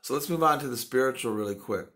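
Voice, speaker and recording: A man's voice: medium pitch, fast talker, a bit bright. A man giving an earnest, faith-based motivational talk, emphatic and repeating phrases for punch. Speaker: motivational speaker.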